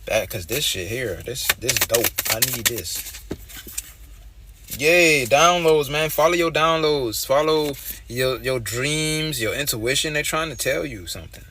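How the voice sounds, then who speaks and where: A man's voice: medium pitch, measured pace, pushed and bright, slight background noise. A young man giving a casual tarot reading in a blunt, streetwise way, repeating his points as he talks. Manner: loose, conversational, repeats phrases. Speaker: tarot reader.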